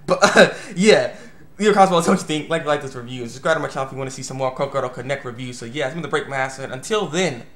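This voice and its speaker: A young man reviewing an anime episode in a rambling, excitable way, full of restarts and fillers. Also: medium pitch, very fast, reverberant. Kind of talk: casual video review.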